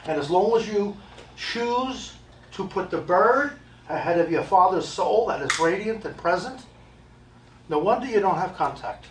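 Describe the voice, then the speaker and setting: On stage at a live event, an American medium addresses the crowd emphatically and bluntly, repeating himself with humorous asides. He speaks a little slowly in a high, lively voice, and the distant mic captures room echo and slight background noise.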